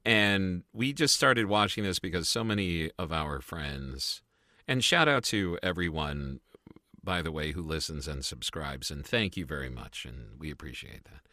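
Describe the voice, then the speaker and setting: A middle-aged man co-hosting a casual review podcast, telling stories in an animated, chatty way. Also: rumbling low, a little slow, no room sound, clean studio sound. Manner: animated, tells stories with lively asides. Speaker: podcast co-host. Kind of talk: casual chat.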